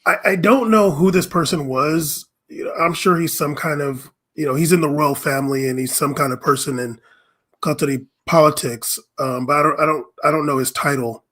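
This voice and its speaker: Hesitant man with a husky voice. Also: on the high side, fairly even intonation, normal speed, a bit bright. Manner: meandering, hesitant, many ums, earnest. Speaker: podcast co-host. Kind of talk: casual political chat.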